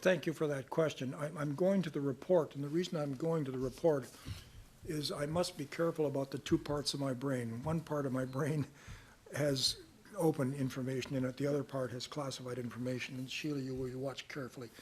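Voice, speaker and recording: An older man answering reporters' questions at a news conference, measured and earnest, sometimes reading passages aloud. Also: medium pitch, fairly even intonation, darkish tone, slight background noise. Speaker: special rapporteur answering press questions.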